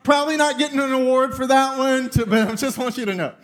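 A man in his thirties preaching a sermon, telling a funny family story with lively energy. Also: very high voice, fast talker. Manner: storytelling, animated, laughing through funny story. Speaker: pastor.

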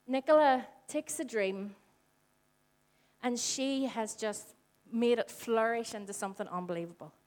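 Here a woman with a fairly high voice preaches at a measured pace. In her forties and from Northern Ireland, this church speaker gives a conversational sermon to a congregation in a church hall, animatedly performing the dialogue in her stories.

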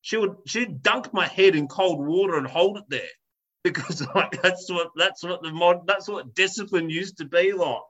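Man, high voice, animated rant, swears, casual storytelling. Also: normal speed, highs cut off.

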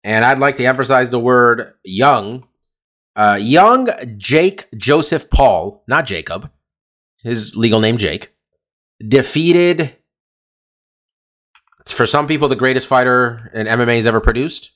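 A man's voice: mid-range voice, unhurried, pauses often, a bit bright. Male podcast co-host, casual, rambly, curses a lot. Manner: rambling, profane, uses lots of fillers. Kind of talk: casual chat. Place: California.

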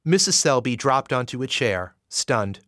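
A man narrating a romance audiobook in an expressive, measured way. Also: mid-range voice, no echo, clean studio sound.

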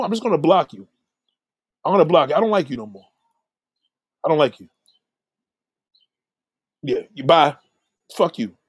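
A man hosting a casual livestream talks back to his chat in a profane, repetitive, confrontational way. His voice sits a little higher than most men's. The sound is dry and close, with no room echo. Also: husky. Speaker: livestream host reading chat.

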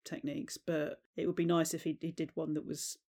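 A man co-hosting a casual film podcast, with deadpan jokes and rambling asides. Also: fairly high pitch, a little fast. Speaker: podcast co-host.

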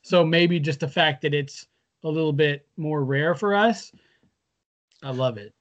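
A man's voice: a little high, unhurried. A young man from the Seattle area co-hosting a podcast over a video call, talking in an easygoing, agreeable way. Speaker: podcast co-host. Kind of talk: casual chat.

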